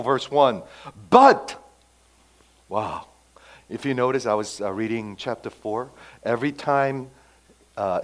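A male preacher delivering a sermon with lively, dramatic delivery. He jumps from loud emphatic phrases to quiet, low asides. He keeps checking in with rhetorical questions. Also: rough recording. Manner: animated, sudden swings between loud and soft, rhetorical questions. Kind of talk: expository sermon.

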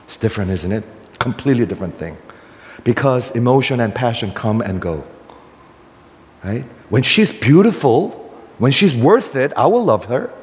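A man's voice: medium pitch, sing-song, moderate pace, in a large hall. An older man preaching a sermon as a pastor, emphatic and questioning, often checking in with the listeners.

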